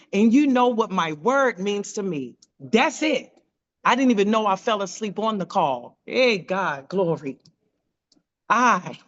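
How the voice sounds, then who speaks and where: A woman telling an animated testimony on a video call, acting out quoted voices with big jumps in pitch. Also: lo-fi sound. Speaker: team member sharing a testimony.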